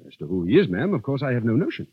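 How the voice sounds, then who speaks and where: An earnest, courtly army captain lectures in formal phrases, his voice swooping dramatically up and down. His tone is husky, and the old radio recording muffles it. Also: mid-range voice, very animated, very fast, no echo, dull audio. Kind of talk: 1930s radio drama acting.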